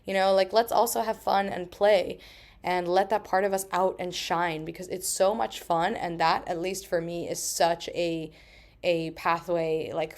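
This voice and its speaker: Woman in her thirties, podcast host, solo monologue, emphatic, swears often. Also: on the low side. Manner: emphatic and swearing, quick asides.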